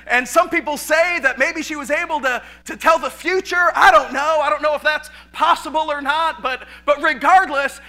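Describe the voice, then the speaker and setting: Very high, bright-voiced animated preacher man. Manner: animated, repeats words, laughs often. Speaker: pastor. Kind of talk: sermon.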